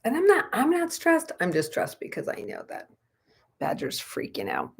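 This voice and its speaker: A woman's voice: medium pitch, wildly swooping pitch, moderate pace, creaky, husky. A woman who practices Reiki, chatting casually on a livestream at home at night and cooing to her dogs in baby talk.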